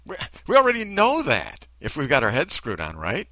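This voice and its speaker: A man's voice: mid-range voice, huge pitch swings, normal speed, bright, forceful tone, dry recording, low-quality recording. A man giving ranting commentary in a sarcastic, blunt way.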